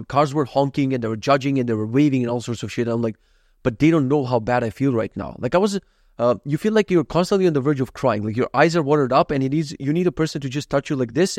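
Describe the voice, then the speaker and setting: A young software entrepreneur gives a candid, rambling confessional, swearing freely and often restarting sentences. His medium-pitched voice is captured in a dry, studio-quality recording.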